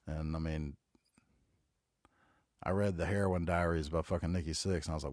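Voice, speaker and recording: Brief: very low-voiced Southern man in his forties, loose profane podcast monologue, dry close mic. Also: steady tone, moderate pace, pauses often, a little mellow, no room sound. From North Carolina. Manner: rambling, profane, laid-back storytelling. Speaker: podcast host. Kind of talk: casual solo podcast monologue.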